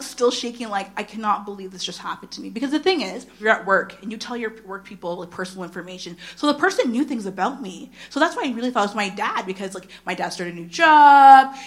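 A woman in her thirties preaches a sermon built around a personal story. An animated storyteller, she acts out the dialogue with big jumps in pitch.

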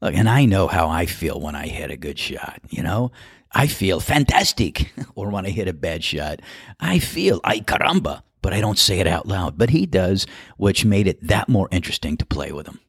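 A low-voiced man with a husky edge tells a story in a casual, wry way, poking fun at himself. The sound is dry and close, with no room around it. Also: sing-song, moderate pace, dry recording. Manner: wry, conversational, self-deprecating. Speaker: podcast host and golf starter.

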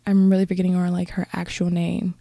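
Mellow-voiced woman giving an earnest pep talk. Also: on the low side, completely flat delivery, quick pace, vocal fry, no room sound, clean studio sound. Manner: earnest, encouraging, rambling asides. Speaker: podcast host. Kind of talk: casual motivational talk.

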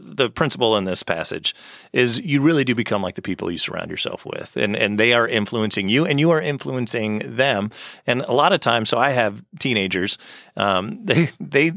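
A man in his forties, a pastor, chatting easily on a podcast with frequent laughs and halting restarts. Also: medium pitch, expressive, gravelly, fairly bright tone, no room sound, clean studio sound. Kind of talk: casual podcast chat.

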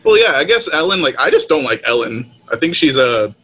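A man's voice: medium pitch, sing-song, a little fast, fairly bright tone, husky, poor audio. A man in casual comedic chat, laid-back and teasing, speaking over a call. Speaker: co-host. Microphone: call audio.

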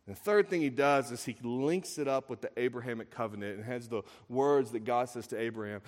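A man preaching a sermon, retelling a story with lively acted quotes and building to emphatic peaks. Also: mid-range voice, brisk. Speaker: pastor. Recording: long hall reverb.

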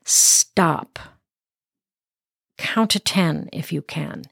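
Woman parenting host, middle-aged, earnest, emphatic, unhurried, dry. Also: on the low side, animated, no room sound. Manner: earnest, emphatic, tag questions like "right?". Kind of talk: instructive monologue.

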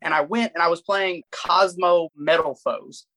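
A man's voice: on the high side, steady tone, unhurried, pushed and bright, low-quality recording. A young man co-hosting a podcast, telling self-deprecating stories in a casual chat with lots of restarts. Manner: rambling, self-deprecating storytelling with frequent restarts. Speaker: podcast co-host.

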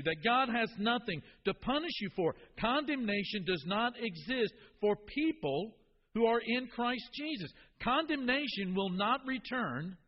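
A man's voice: high voice, a little hiss or hum. A man preaching a sermon as a pastor, talking to the congregation in an emphatic, conversational way. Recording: dull reverberant hall recording.

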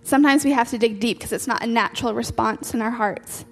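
An earnest woman preacher gives a sermon in a fairly high, fast voice, repeating key phrases to drive them home. The recording carries long hall reverb and faint music behind her.

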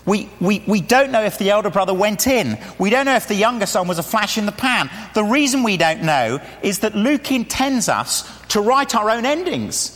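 Male preacher, lively higher voice, earnest and pleading, long hall reverb. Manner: earnest pleading, slows and softens for prayer. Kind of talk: sermon. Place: church.

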